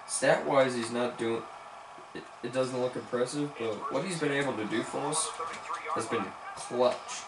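A man giving live commentary on his football video game, excitedly cheering on and scolding his players as he plays. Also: medium pitch, unhurried. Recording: echoey room with background noise.

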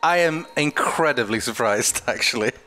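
A man in playful banter as he plays a strategy game with friends. His voice is bright and forward, sitting at an ordinary pitch. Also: expressive, moderate pace, soft background music. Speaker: game player. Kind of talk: casual game chat.

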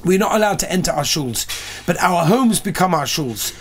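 A man's voice: high-pitched, animated, normal speed, fairly bright tone, breathy edge. A man, a rabbi, giving an earnest sermon on prayer, telling stories and building emphasis.

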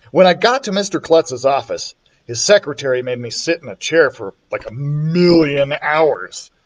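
A man reading a children's chapter book aloud, expressive and playful, switching voices for the characters. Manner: expressive, voices the characters with big pitch swings. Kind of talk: storybook read-aloud.

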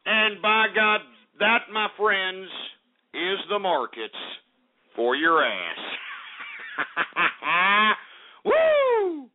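A man with a high voice hosts a comedic talk radio show, speaking slowly while rowdy, cursing, yelping, and out of breath. The audio is tinny and phone-like, with faint music.

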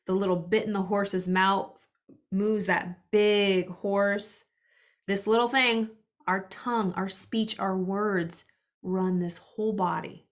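A woman reads aloud from a spiritual book and pauses to comment in reflective asides to her listeners. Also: medium pitch, steady tone. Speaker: spiritual book reader and teacher.

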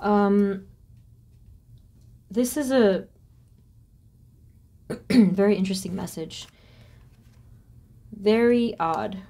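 A woman's voice: mid-range voice, warm tone. A woman doing a solo tarot reading, thinking aloud as she names cards and asks spirit questions. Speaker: tarot reader.

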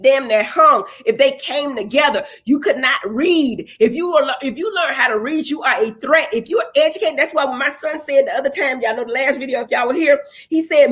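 A woman's voice: high-pitched, fairly bright tone, husky. A middle-aged woman talking in a blunt, casual, rambling way, swearing freely as she chats straight to her viewers. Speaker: dentist and reality TV personality. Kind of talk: casual opinionated livestream chat.

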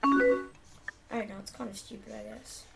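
A woman's voice: mid-range voice, fairly even intonation, quick pace, gravelly. A young woman casually reading typed chat lines aloud and adding chatty asides to the camera. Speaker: YouTuber playing a chat game. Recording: loud background music.

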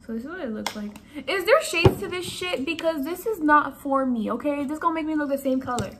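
A woman's voice: high voice, lively intonation, fairly quick, noisy background. A woman vlogging casually at home, talking to her viewers in a frank, exclamatory, chatty way. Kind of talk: casual vlog talking to camera.

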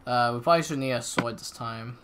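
A woman hosting a gaming channel, giving let's-play commentary as she talks to herself and yells at the game. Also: extremely low pitch, fairly quick, noisy background. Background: game music.

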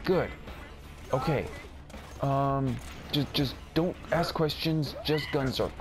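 A man's voice: medium pitch, slow. A man giving casual gameplay commentary, rambling and mocking himself as he plays. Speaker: gaming video creator. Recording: game music underneath.

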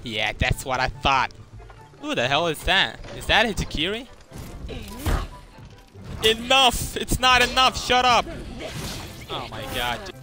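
A young man giving casual gameplay commentary, excitable and trash-talking, swearing often, as a gaming YouTuber. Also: high-pitched, unhurried, pauses often. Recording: game music behind. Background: game music.

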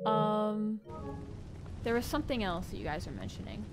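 A woman streaming a video game, chatting casually with her viewers and reacting excitedly to the fight. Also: medium pitch, moderate pace, heavy background noise. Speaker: gaming streamer. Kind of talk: casual live gameplay commentary.

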